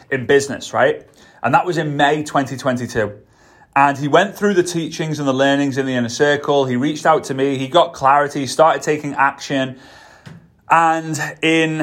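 A man with a Liverpool Scouse accent hosting a solo podcast as a network marketing coach, talking in an enthusiastic, sing-song way and repeating words for emphasis. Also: medium pitch. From Liverpool, England.

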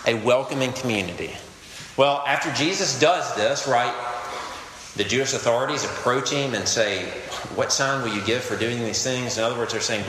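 A man's voice: medium pitch, fairly bright tone, echoey room, big-room sound, slight background noise, poor audio. A man preaching a sermon to a campus group, earnest and conversational, weaving in stories and quotes. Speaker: campus ministry pastor.

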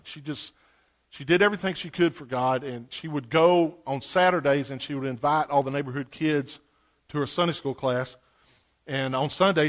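A man with a high voice preaches a sermon. He tells his story with lively swings, dropping to hushed asides and then rising into loud exclamations.

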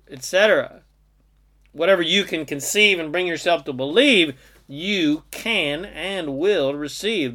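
Emphatic self-help man, fairly high voice. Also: a bit bright. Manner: emphatic, lists things in long run-on strings. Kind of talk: motivational monologue.

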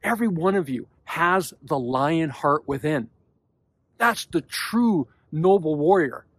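A man with a notably high voice giving a motivational podcast talk to men. He speaks emphatically and bluntly, dropping casual swear words. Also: expressive, takes it slowly, fairly bright tone, dry recording. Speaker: podcast host.

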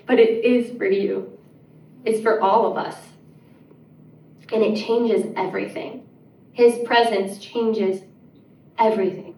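A woman's voice: mid-range voice, recorded from a distance, a little hiss or hum. A woman preaching a sermon in a church, earnest and pleading, rising to emphatic peaks. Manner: earnest, rising to emphatic, drops to soft prayer. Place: church sanctuary. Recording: echoey church room, mic set back.

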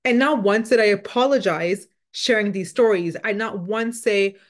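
A woman talks in a loose, chatty way, retelling an everyday encounter. Her voice sits at a middle pitch, and she fills her speech with small asides and fillers as she goes. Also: normal speed. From Indian heritage. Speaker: spiritual channel. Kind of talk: casual storytelling monologue.

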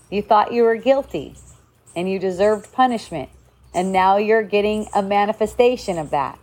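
A woman's voice: on the high side, darkish tone. Casual, blunt woman giving a spiritual talk. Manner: loose and conversational, frequent "like" and "right?", blunt swearing.

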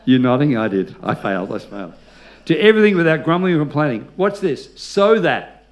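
A man's voice: on the high side, very animated, fairly quick. A male pastor preaching a sermon, telling stories with humor and leading the congregation in call-and-response.

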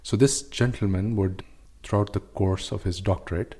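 A man's voice: deep voice, fairly even intonation, moderate pace, mellow, husky. A man on a podcast recounting stories and ideas in a chatty way, with frequent "uh" fillers. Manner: storytelling, with "uh" fillers and restarts. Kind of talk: casual discussion.

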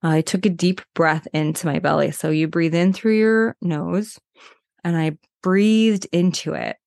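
A woman in her thirties hosting a podcast, telling a personal story in a candid, conversational way with many fillers and slowing down for breathing steps. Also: lowish voice, fairly even intonation, vocal fry, darkish tone, dry recording, clean studio sound. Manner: speeds up when worked up, slows for breathing steps. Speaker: podcast host and body worker. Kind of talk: personal storytelling, guided reflection.

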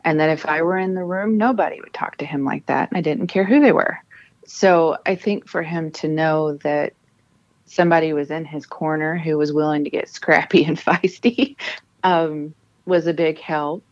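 Woman in her thirties, low voice, earnest storytelling, dry muffled recording. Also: fairly even intonation, normal speed, no room sound. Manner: earnest, emotional, with many restarts. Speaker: military spouse and author. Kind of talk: personal storytelling in an interview.

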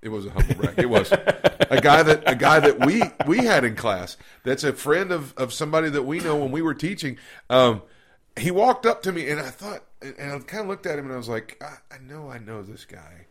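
A man's voice: fairly high pitch, animated, fairly quick, a bit bright. A man co-hosting a podcast from an office, telling stories in a casual, folksy way that is full of restarts and repeated words. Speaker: podcast co-host. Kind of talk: casual conversational storytelling. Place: office recording room.

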